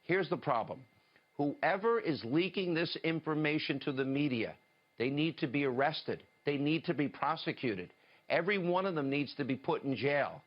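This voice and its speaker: A man's voice: a little high, expressive, moderate pace, muffled recording. A man delivering an emphatic, indignant political commentary monologue in the style of a TV news commentator, often quoting statements.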